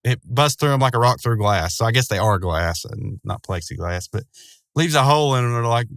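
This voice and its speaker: A man's voice: mid-range voice, expressive, a little fast, vocal fry, a bit bright, dry recording. A man casually retelling a cartoon episode, rambling with lots of fillers and frequent chuckles. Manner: rambling, loose, chuckling often, many fillers. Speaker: show recapper.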